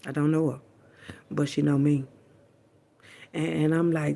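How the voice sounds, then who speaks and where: A woman's voice: sits low, flat delivery, a little slow, creaky, long pauses, dark tone. A woman vlogger talking candidly and bluntly to her viewers, chatty and profane, often repeating herself. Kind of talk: candid casual storytelling to viewers.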